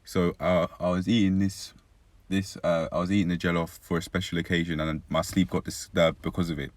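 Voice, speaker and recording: Young male vlogger, deep voice, dry-throated, rambling and reflective; dry, close recording. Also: level tone, fairly quick, dry recording. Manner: rambling, reflective, frequent self-corrections. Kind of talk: casual personal vlog monologue.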